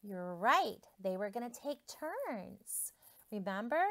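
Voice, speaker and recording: A woman teacher reading a picture book aloud to young children, pausing to ask them questions and prompt predictions. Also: medium pitch. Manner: expressive, asks children questions.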